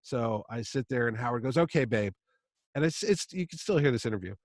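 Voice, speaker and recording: A man's voice: medium pitch, quick pace, dry recording. A man in his fifties hosting a podcast, telling a long story in casual chat and acting out the quotes. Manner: animated storyteller who acts out quotes. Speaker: podcast host.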